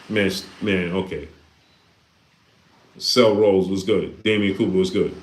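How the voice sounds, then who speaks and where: Hosting a livestream from an echoey room, a man with a deep, slightly mellow voice speaks at a moderate pace. He reads out Super Chats and mixes casual talk with preaching full of repeated rhetorical questions.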